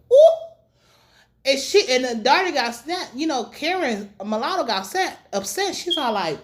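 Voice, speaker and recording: Animated, profane woman reviewing a show. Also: fairly high pitch, normal speed. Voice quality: animated, profane, dramatic voice swings. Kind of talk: casual recap and commentary.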